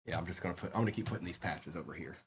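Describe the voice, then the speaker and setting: A man's voice: low voice, racing, heavy background noise. A man hosting a live trading card break stream, calling out each card and chatting casually with viewers. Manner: animated, calls out cards while chatting with viewers.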